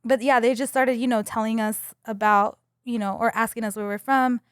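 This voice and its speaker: Woman, young adult, guest storyteller; clear, slightly high voice, lively filler-laden delivery. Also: normal speed, dry recording, clean studio sound. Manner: animated, filler-heavy retelling. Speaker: podcast guest. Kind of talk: casual storytelling.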